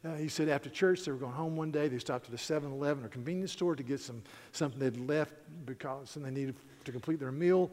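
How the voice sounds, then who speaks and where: Animated preacher telling stories in reverb. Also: male voice, medium pitch, fast, hardly any pauses. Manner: conversational, animated, frequent restarts. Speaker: pastor. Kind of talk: sermon with storytelling. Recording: hall reverb.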